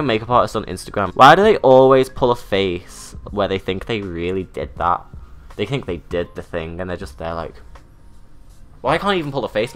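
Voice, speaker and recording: A young British man talks his way through a get-ready-with-me makeup routine, camp and self-mocking. His voice sits fairly low but comes out bright and bold. Soft music plays faintly behind him. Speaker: drag artist vlogger. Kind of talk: chatty get-ready-with-me tutorial.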